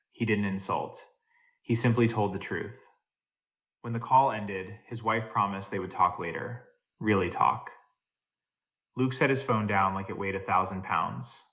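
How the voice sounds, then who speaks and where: A man narrating a scripted drama story in an even, steady manner. His voice sits on the low side and keeps a plain reading pace throughout. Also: measured pace.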